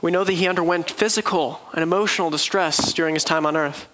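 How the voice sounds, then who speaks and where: Guy preaching a sermon, higher voice, bright and kinda sharp, earnest storyteller. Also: fast talker, rough recording. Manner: earnest storytelling, vivid retelling.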